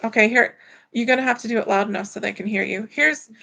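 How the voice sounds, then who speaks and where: A woman with a slightly high voice and plenty of gravelly vocal fry hosts a live stream from home. She rambles casually with lots of fillers and reads out viewer comments as they come in. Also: fairly even intonation, quick pace, sharp tone. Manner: rambling and chatty, with many fillers. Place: at home, indoors.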